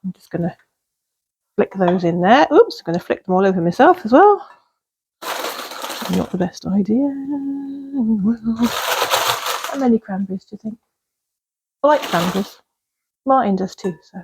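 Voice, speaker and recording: Baking at home in her cottage kitchen, a vlogger chats casually, drifting along with fillers and little laughs. Her mid-range voice is a little mellow with lively intonation at a moderate pace and long pauses, and there's a little hiss or hum.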